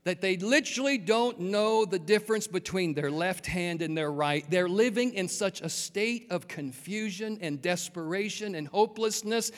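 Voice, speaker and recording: Earnest high-voiced preacher in a reverberant hall. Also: male voice, normal speed, hardly any pauses. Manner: asks the congregation rhetorical questions, earnest. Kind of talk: sermon.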